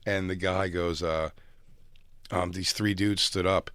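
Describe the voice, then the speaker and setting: A man telling a long, animated story from his stand-up comedy days in casual chat, acting out other people's lines as he goes. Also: deep voice, unhurried, smooth, dry recording, clean studio sound.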